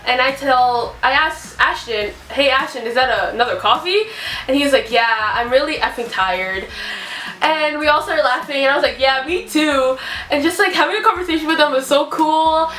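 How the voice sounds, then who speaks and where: Giggly, bright-voiced young woman gushing. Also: high-pitched, a little fast, a little hiss or hum. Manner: gushing, giggly, breathless excitement. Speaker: vlogger telling a story. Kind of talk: excited story time chat. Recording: echoey room, mic at a distance.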